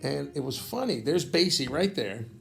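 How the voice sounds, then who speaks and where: A man in his fifties with a gravelly, middle-pitched voice recounts a backstage memory. He rambles, restarts and clears his throat, sounding animated and casual. Faint guitar plays underneath. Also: moderate pace. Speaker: jazz saxophonist recounting a memory. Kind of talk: casual spoken storytelling.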